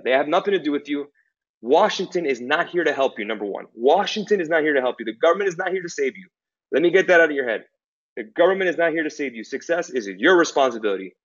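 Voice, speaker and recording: A man's voice: fairly high pitch, highs cut off. A man hosting a webinar, answering a viewer's question with an emphatic motivational talk and repeating lines for stress.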